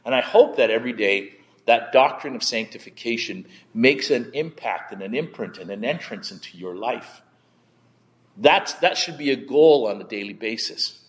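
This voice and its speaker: A male pastor preaching in a conversational, candid way, often halting and repeating words as he tells a personal story. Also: medium pitch, expressive, in a large hall.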